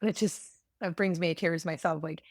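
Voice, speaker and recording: Gravelly-voiced woman hosting an interview. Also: lowish voice, steady tone, brisk, no echo, clean studio sound. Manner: supportive, frequent short affirmations. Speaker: podcast host. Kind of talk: conversational interview.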